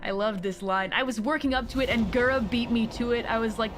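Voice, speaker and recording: A woman's voice: a little high, a little fast. A woman streamer casually recapping a tabletop campaign in a playful, giggly, rambling way. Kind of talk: casual recap with acted quotes. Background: music.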